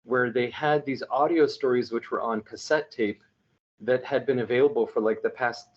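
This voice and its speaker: A man's voice: medium pitch, fairly even intonation, moderate pace, dull audio. A man from New Mexico who works as a storyteller, chatting earnestly and with animation in long, winding anecdotes full of restarts. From New Mexico, United States. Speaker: storyteller for an online religious media group. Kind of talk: casual conversational storytelling.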